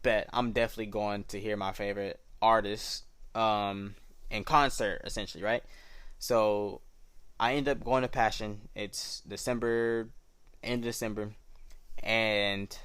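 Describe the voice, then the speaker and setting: A young man hosting a podcast, telling his personal faith testimony in a relaxed, slangy, reflective way. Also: on the low side, clean tone, no echo. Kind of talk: casual personal storytelling.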